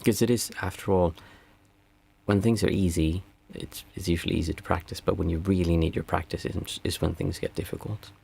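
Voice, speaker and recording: A Swedish meditation teacher chats casually and reflectively with livestream viewers, unhurried, reading out chat messages. His voice is low and steady, husky and a little mellow, with vocal fry.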